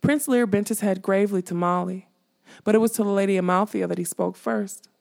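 A woman narrating a fantasy audiobook with steady storytelling. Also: medium pitch, fairly quick, gravelly. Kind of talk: scripted narration.

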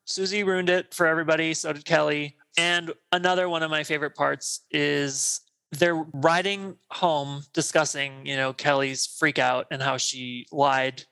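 A man's voice: on the high side, steady tone, normal speed, vocal fry, sharp tone, clear, resonant tone. A man in his thirties co-hosting a podcast, recapping a film in casual chat and acting out the characters' lines. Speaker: podcast co-host.

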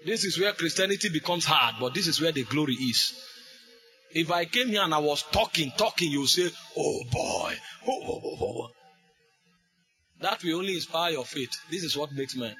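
Fervent preacher man, forceful. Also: a little high, animated, a little fast, soft background music. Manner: fervent, repetitive, bursts into shouts. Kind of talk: sermon.

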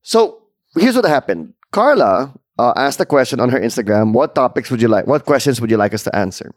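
Filipino male podcast co-host, casual code-switching chatter, mid pitch, dry studio sound. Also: sing-song, fairly quick, dry recording. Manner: chatty, mixes English and Tagalog. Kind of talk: casual chat.

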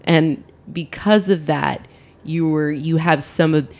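Frank, rambling woman with a lower voice. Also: steady tone, slow, darkish tone. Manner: rambling, self-correcting, frank and wry. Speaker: podcast co-host. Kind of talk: candid casual chat.

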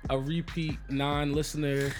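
A man's voice: a little high, level tone, a little slow, over music. A man hosting a casual podcast conversation and telling loose stories with laughing asides. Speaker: podcast host. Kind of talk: casual chat.

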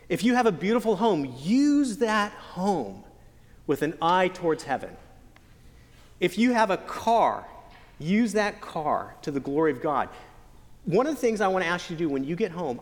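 A man preaching a sermon as pastor, earnest with playful joking asides and slow, stretched emphasis on key phrases. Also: fairly high pitch. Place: church sanctuary. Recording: long church hall reverb.

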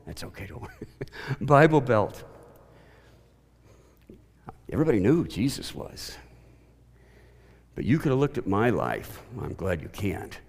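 A man from Oklahoma preaching a sermon, emphatic, moving between loud declarations and quiet asides. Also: mid-range voice, big pitch swings, measured pace, gravelly, pauses often, breathy edge. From Oklahoma, USA. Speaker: pastor.

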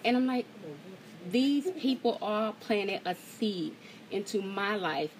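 A woman's voice: mid-range voice, lively intonation, slow, a little hiss or hum, rough recording. A woman hosting an online group call, talking in a heartfelt way and holding back tears. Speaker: host of an online gathering. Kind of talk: emotional casual talk to a group call.

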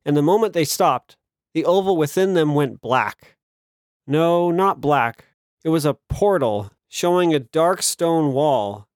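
Steady male audiobook narrator, dry sound. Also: a little high, unhurried, no echo. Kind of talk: scripted narration.

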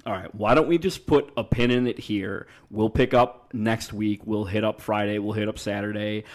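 A young man with a slightly low voice chats on a podcast. He tells stories with animated energy, voicing the people he quotes and swearing casually. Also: moderate pace. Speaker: podcast co-host. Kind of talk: casual storytelling chat.

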